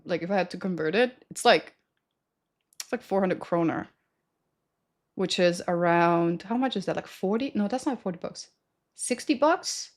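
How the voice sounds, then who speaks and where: A young adult woman livestreamer telling stories to her chat in a rambling, slangy way, often correcting herself mid-sentence. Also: mid-range voice. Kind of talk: casual storytelling to stream chat.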